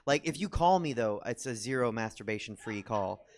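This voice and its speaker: A man's voice: medium pitch, lively intonation, moderate pace. A young man doing a stand-up comedy set on a theater stage, rambling and self-deprecating with lots of ums and restarts.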